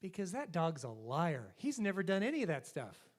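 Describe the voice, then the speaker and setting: Man putting on a matter-of-fact young shop clerk, dry, lively pitch. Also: moderate pace.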